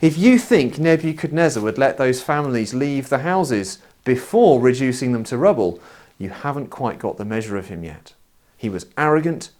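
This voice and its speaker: Man, preacher, sermon, slow-paced, lively intonation, wry storytelling. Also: fairly high pitch.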